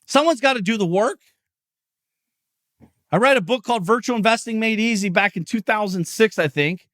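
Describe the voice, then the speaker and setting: Man, middle-aged, podcast host, intense, profane, yelling, high voice. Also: moderate pace, dry recording, clean studio sound. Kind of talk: motivational monologue.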